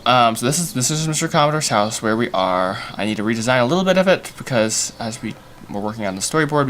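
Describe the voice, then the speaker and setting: A young man rambles through his own creative work, poking fun at himself and trailing into fillers. His voice sits at an ordinary middle pitch over a faint background hiss. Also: a bit bright. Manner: rambling, self-mocking, thinking aloud with many fillers. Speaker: animator and livestream host. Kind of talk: casual livestream chat while storyboarding.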